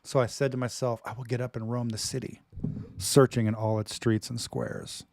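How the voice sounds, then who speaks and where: A man's voice: medium pitch, flat delivery, moderate pace, dry recording. Man reading scripture aloud, dry sound. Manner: loud, emphatic reading with joking asides. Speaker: Bible reading host. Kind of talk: Bible reading with casual commentary.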